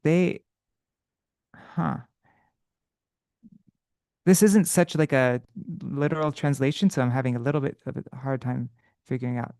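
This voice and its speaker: A man leading an unprepared live study session, thinking aloud with halting restarts and self-corrections, now and then chanting verses slowly. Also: medium pitch, fairly even intonation, gravelly, darkish tone, no echo, studio quality. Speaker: teacher of scripture study.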